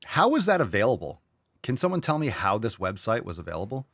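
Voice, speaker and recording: A man hosting his own show, pitching merch in a brash, profane, mocking way. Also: very animated, fairly quick, a bit bright, no room sound. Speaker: show host. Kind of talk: casual merch pitch monologue.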